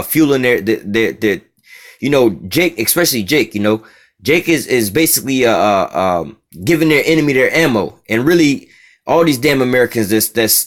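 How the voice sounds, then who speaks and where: A man giving a street-style religious lecture, reading a passage aloud and commenting on it bluntly, with profanity and frequent asides to his listeners. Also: mid-range voice. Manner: blunt, profane and heated, with frequent "you see what I'm saying" asides; repeats and restarts words while driving his point. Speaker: religious teacher.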